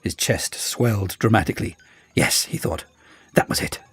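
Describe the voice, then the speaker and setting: A man narrating an audiobook in a lively, expressive way. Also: on the low side, normal speed, husky, dry recording. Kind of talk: scripted narration.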